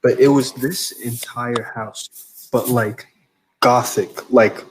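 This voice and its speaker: A man's voice: mid-range voice, steady tone, takes it slowly, slight background noise, low-quality recording. A young man telling dream stories in a rambling, profane casual chat.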